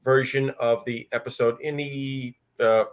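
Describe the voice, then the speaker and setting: A man's voice: medium pitch, fairly even intonation, measured pace, smooth. Matter-of-fact man co-hosting a commentary. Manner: matter-of-fact, brief replies, gives instructions. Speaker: podcast co-host. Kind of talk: casual commentary chat.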